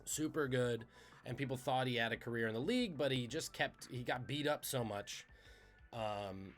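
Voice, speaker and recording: A man hosts a podcast and tells trivia stories in a casual, conversational way. His voice sits at an ordinary middle pitch and gets animated as the stories build. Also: normal speed, soft background music. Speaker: podcast host.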